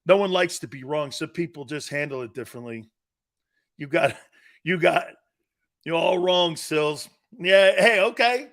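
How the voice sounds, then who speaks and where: A man hosting a sports talk show, ranting and telling stories in a brash, rambling way, laughing at his own jokes and jumping into loud outbursts. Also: fairly high pitch, a little slow. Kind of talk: sports talk rant with storytelling.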